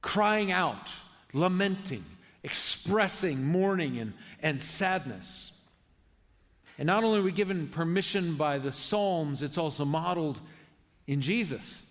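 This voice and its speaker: A man preaching a conversational sermon as pastor, earnest and halting, often restarting his sentences. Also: a little high, animated. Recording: long hall reverb.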